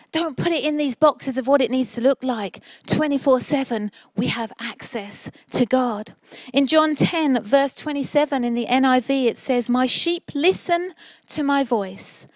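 A woman's voice: a little high, no room sound. A middle-aged woman preaching a sermon, telling a family story with earnest, encouraging passion.

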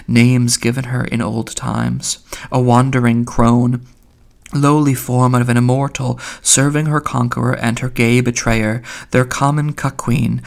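A man reading literary fiction aloud as an audiobook, in a measured way with small slips. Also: medium pitch, creaky. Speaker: audiobook reader.

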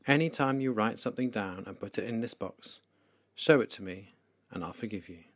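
A man voicing Jesus as a gentle, kind, forgiving adult man, speaking softly and tenderly. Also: on the low side, fairly quick, lightly acted. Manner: soft, hushed and tender.

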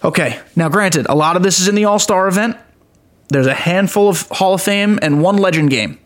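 A young man hosts a casual gaming podcast, rambling enthusiastically and poking fun at himself along the way. His voice is high and his delivery fairly quick.

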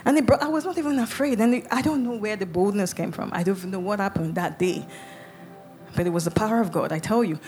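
A woman's voice: medium pitch, fast talker, darkish tone, faint music behind. A woman preacher telling her testimony in a sermon, dramatic and vivid, with sudden emphatic bursts. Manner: speaks in tongues.

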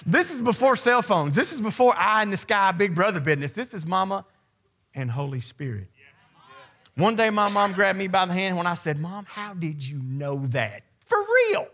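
A man's voice: high-pitched, fairly bright tone. A man preaching a sermon as pastor, speaking in a conversational yet emphatic way and addressing the congregation directly.

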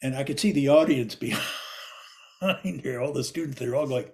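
An older man telling stories about a former teacher, rambling with many restarts and laughs, and sometimes acting out quoted lines loudly. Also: medium pitch, moderate pace. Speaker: interviewee recalling a former teacher. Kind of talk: anecdotal reminiscence.

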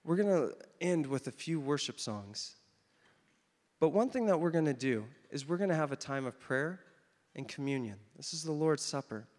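A man preaching a sermon, telling a story with animated emphasis, then leading communion. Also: a little high, moderate pace. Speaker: pastor. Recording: long hall reverb.

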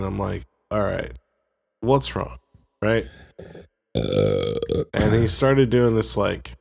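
A laid-back man with a gravelly, fry-edged voice rambles through a story in casual conversation. His tone is easygoing and joking as he talks with a co-host. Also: on the low side. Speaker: podcast co-host. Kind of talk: casual chat.

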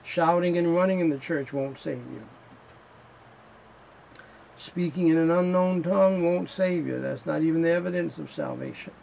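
Gravelly preacher guy, kinda high voice, slow and emphatic, keeps repeating his lines. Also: darkish tone, a little hiss or hum, rough recording. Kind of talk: sermon.

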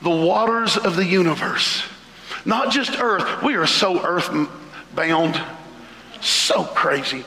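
A male pastor delivers a fervent sermon in a high, gravelly voice, breaking into shouted lists. The sound carries the long reverb of a large church hall. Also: slow, a little hiss or hum. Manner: fervent preaching with shouted lists and sudden pitch leaps. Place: church sanctuary. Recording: echoey hall.

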